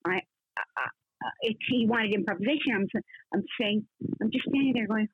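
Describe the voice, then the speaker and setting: A woman in her sixties, a guest actress telling rambling, animated stories in a casual interview, full of restarts. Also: on the high side, fast talker, no room sound. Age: 60s. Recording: husky voice over a tinny phone line.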